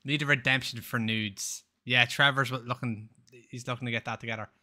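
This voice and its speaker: A man's voice: mid-range voice, steady tone, moderate pace, sharp tone. A man chatting casually on a live game stream, rambling, swearing freely and laughing often.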